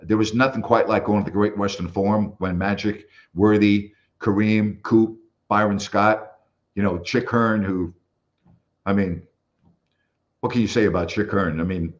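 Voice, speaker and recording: A man's voice: lowish voice, measured pace, dull audio. An older man, a former basketball broadcaster, telling stories in a casual interview and acting out the people he quotes. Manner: animated storyteller who acts out quoted voices.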